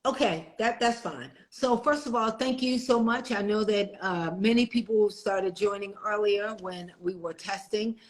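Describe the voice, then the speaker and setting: Over a rough video-call recording, a middle-aged executive director co-hosting a live stream talks at a measured pace in a medium pitch, hardly pausing. The chat is casual, with frequent laughter, plenty of fillers and many restarts.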